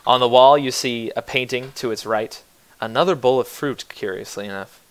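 A man's voice: medium pitch, moderate pace. A man narrating a tabletop game as game master, casual and joking, often restarting his sentences.

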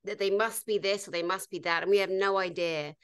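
A woman's voice: mid-range voice, steady tone, a little fast, a bit bright, clear, resonant tone. A woman co-hosting a casual chat, speaking in a reflective, agreeable way. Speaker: co-host.

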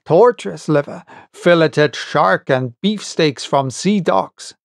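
A man's voice: on the high side, slow pace, creaky, no room sound, clean studio sound. A man doing a blustering, angry harpooner. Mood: indignant. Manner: indignant, blustering. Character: angry hot-tempered male harpooner, adult.

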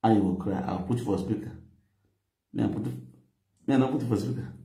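Nigerian man, low and dark voice, excited live-stream chat, echoey room. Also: fast talker, gravelly. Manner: excited, thankful, mixes English with pidgin and Yoruba. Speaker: vlogger doing a daily live video.

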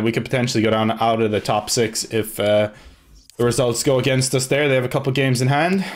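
A young man giving loose live commentary on his own football video game, swearing and shouting at his players. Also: mid-range voice. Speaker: gaming video creator.

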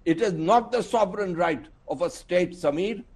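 A man with an Indian accent arguing forcefully as a panelist in a televised news debate, firing off rhetorical questions. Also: sits high, normal speed, husky.

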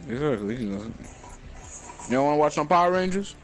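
A man's voice: a little high, expressive, normal speed, soft background music. A young man, an uncle, chatting casually on a gaming headset at home, teasing and repeating short commands over and over. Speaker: uncle scolding his nephew. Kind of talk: casual chat.

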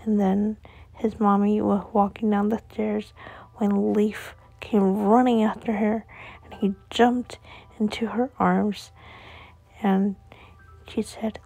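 Slow, gravelly woman telling a story. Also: medium pitch, flat delivery, warm tone, poor audio. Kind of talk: casual story narration.

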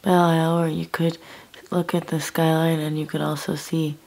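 A woman's voice: low-pitched, flat delivery, normal speed, vocal fry, darkish tone. A woman with a slight lisp from a retainer, chatting and giggling casually in a vlog at a friend's home at night. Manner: giggly, laughs between lines. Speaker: vlogger. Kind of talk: casual travel vlog chat.

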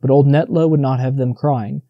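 A man reading a storybook audiobook aloud in a steady, measured narration. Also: mid-range voice, dry recording, highs cut off.

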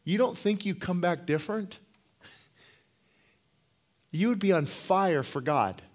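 A man's voice: high voice, animated, slow. A middle-aged man preaching a sermon as pastor, impassioned, often repeating words and restarting phrases.

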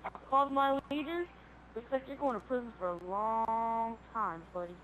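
A woman's voice: fairly high pitch, steady tone, normal speed, highs cut off, slight background noise. A woman playing a swearing, threatening police officer in an improvised game role-play. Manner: bossy, swearing, threatening, shouty.

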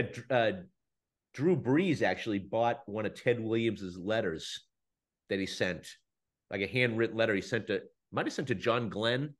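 A man who promotes comedy, talking as a guest in a casual interview, relaxed and halting. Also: fairly low pitch. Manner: relaxed, halting, restarts phrases.

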